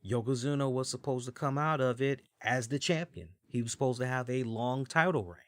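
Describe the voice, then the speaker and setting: A man in his forties hosting a podcast, telling stories in casual, animated commentary, with swearing and frequent fillers. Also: mid-range voice, fairly quick, no echo, studio quality. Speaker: podcast host. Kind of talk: casual wrestling review commentary.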